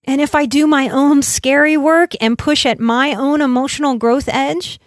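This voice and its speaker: A middle-aged woman hosting a solo self-help podcast, talking earnestly and emphatically, and slowing down to stretch out the key words. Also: high voice, fairly even intonation, no room sound, studio quality. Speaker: podcast host and counselor.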